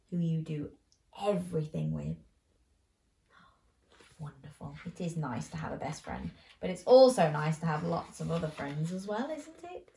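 A woman's voice: deep voice, vocal fry, warm tone. Woman storyteller, bedtime story for children, playful, asks questions, sing-song, roomy echo.

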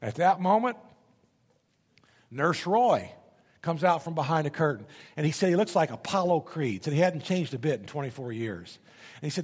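Male preacher, sermon storytelling, emphatic and animated, fairly high voice, long hall reverb. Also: moderate pace, husky. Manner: animated, emphatic, repeats words.

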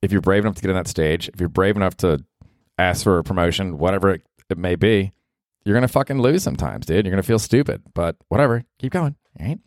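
Here a forties-aged man from the American South runs a casual solo podcast, talking fast in a low-pitched voice. The studio sound is clean with no echo, and his chat is rambling, full of cursing, and punctuated by frequent laughs.

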